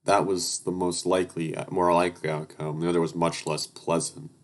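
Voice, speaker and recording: Low-voiced man reading a story game aloud. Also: little pitch movement, moderate pace. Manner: loose, profane, asides and stumbles. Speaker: let's-play narrator reading a visual novel aloud. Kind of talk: casual read-through narration. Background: music.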